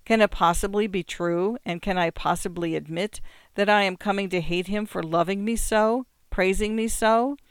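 A narrator reading a literary story in a measured, reflective way. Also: mid-range voice, steady tone, clear, resonant tone, no room sound, clean studio sound. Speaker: audiobook narrator.

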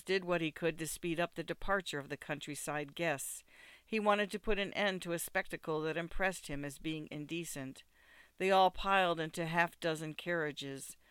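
A narrator reading classic fiction aloud in a measured, steady storytelling manner. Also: medium pitch, clear, resonant tone, no echo.

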